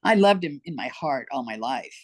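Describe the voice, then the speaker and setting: A woman's voice: very deep voice, expressive, moderate pace. An older woman, a podcast guest, recounting her life story in an emphatic, repetitive way. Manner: emphatic, repeats herself for weight. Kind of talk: personal storytelling in conversation.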